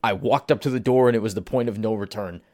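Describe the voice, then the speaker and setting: Male podcast host, low-pitched, exasperated ranting delivery, dry close sound. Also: fast, darkish tone, no room sound. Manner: ranting, exasperated, swears at target. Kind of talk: solo commentary podcast.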